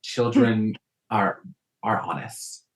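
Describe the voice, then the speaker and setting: A man's voice: on the low side, slow, poor audio. Male guest from South Texas, faint Southern accent, casual storyteller who restarts often. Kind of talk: casual interview chat.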